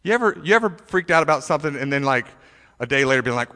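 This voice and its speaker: A man preaching a sermon to a youth congregation, emphatic and animated, with frequent repetitions and restarts. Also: medium pitch, rapid-fire. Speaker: pastor. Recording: reverberant hall.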